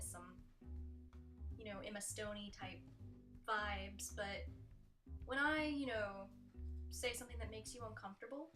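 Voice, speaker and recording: A woman's voice: mid-range voice, recorded from a distance. A young woman doing a sarcastic comic countdown monologue, slipping in mocking impressions. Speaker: comedy vlogger. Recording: echoey room with faint music.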